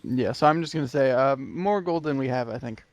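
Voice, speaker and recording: A man's voice: mid-range voice, fairly quick. A man playing a tabletop role-playing game, talking in a hesitant, questioning way. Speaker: player. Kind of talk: tabletop role-play chat.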